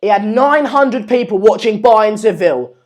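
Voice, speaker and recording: A man's voice: high-pitched, lively intonation, moderate pace. Rambling English-accented young man streaming. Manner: rambling, chatty, jokey, self-deprecating. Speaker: livestream host. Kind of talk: casual live-stream chat reading viewer comments.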